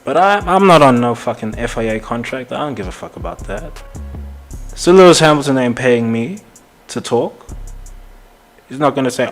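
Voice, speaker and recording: A man's voice: medium pitch, lively intonation, normal speed, long pauses, soft background music. A man hosting a casual commentary show, rambling and heated, swearing often and laughing between points. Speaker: podcast host.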